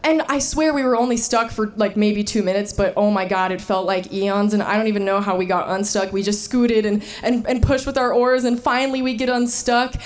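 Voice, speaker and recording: Woman telling a lively personal story. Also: mid-range voice, fairly quick, few pauses. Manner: animated, laughing, shouting the quoted lines. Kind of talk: personal story told to an audience.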